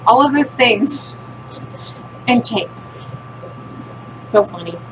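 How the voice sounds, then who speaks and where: Slow and a little high, with lively intonation, a middle-aged woman's voice accompanies a casual craft demonstration as she works with her hands and makes self-deprecating asides. The recording, made at home, is noisy from a loud furnace's hum.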